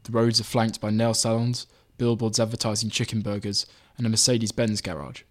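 A man reading his own magazine article aloud in measured, even scripted narration. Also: lowish voice.

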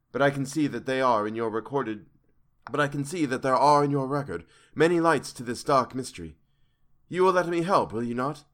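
A man reading the lines of a brave, earnest young woman, gentle yet resolute, in formal old-fashioned speech. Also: mid-range voice, close to an everyday voice.

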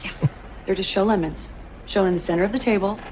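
A woman's voice: medium pitch, fairly even intonation, fast talker, darkish tone, slight background noise, close to an everyday voice. An actress playing a frustrated girlfriend in a film scene who insists her partner help after her long day. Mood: irritated. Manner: exasperated, insistent. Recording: film clip with faint room ambience.

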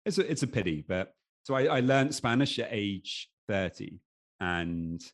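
A man's voice: lowish voice, lively intonation, measured pace. A middle-aged English man with an English accent, a podcast guest talking casually with many restarts and fillers. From England. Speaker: podcast guest, anxiety coach. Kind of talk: casual conversation.

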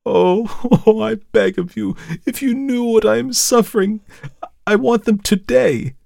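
A man's voice: lively intonation, moderate pace, a little mellow, no echo, studio quality. A man voicing a distressed, hypnotized noblewoman who pleads and trembles in an audiobook reading. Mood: pleading. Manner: trembling, pleading, rising to high cries.

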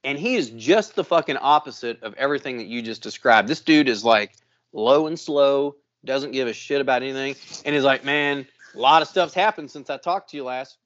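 A man co-hosting a podcast, telling a long story in a casual, profane, animated way. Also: mid-range voice, a little fast, highs cut off. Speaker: podcast co-host.

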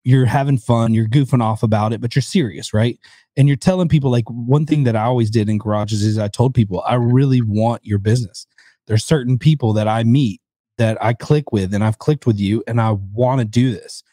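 A man talking casually on a podcast, relaxed and conversational. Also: mid-range voice, brisk, no room sound, clean studio sound. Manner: relaxed, conversational, says "like" often.

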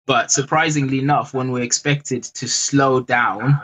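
A man guest in an interview, speaking hesitantly with frequent pauses and restarts. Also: medium pitch, steady tone, a bit bright, breathy edge, low-quality recording. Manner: hesitant, many fillers and restarts. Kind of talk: casual interview.

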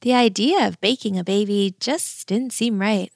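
A woman narrating a bedtime fairy tale in a gentle, measured way. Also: mid-range voice, vocal fry, dry recording, clean studio sound. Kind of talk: storybook narration.

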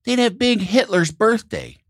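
A middle-aged man from Illinois, hosting a podcast and telling rambling, animated stories in casual conversation. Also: sits high, a little slow, no echo, studio quality. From Illinois, United States. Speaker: podcast host.

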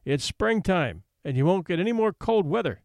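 Male reader doing blunt, drawling backwoods men, slightly lower and slower. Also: lively intonation, vocal fry, dry recording, clean studio sound. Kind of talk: audiobook character voice.

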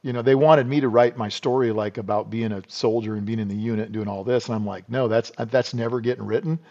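A middle-aged man from the United States with a lowish, darkish voice talks fast in a steady tone. As a podcast guest in a casual storytelling interview, he rambles in a folksy style full of "you know," on a dull, lo-fi recording.

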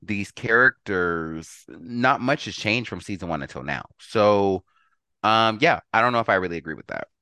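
A man's voice: on the low side, expressive, normal speed, bright, forceful tone, clear, resonant tone, dry recording, studio quality. A man guesting on a podcast in casual chat, weighing his views with hedges and fillers. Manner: thoughtful, hedging with fillers.

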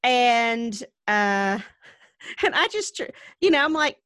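A woman with a softened Southern Appalachian accent, co-hosting a podcast and telling blunt stories. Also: a little high, sing-song, slow pace, clear, resonant tone, no room sound, clean studio sound. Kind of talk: casual chat.

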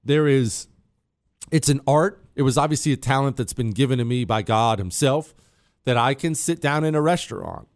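A man's voice: mid-range voice, moderate pace, dry recording. A man hosting a radio talk show, boasting in a joking way and teasing his producer, speaking into a studio mic. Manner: brash, self-mocking, jabs at an off-mic producer. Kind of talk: boastful comedic monologue. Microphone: studio microphone.

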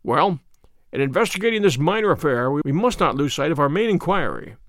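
Man voicing a cool sharp detective, measured and bossy, kinda high lively voice. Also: dry recording, studio quality. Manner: measured, authoritative. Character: sharp, commanding male detective, calm and cryptic.

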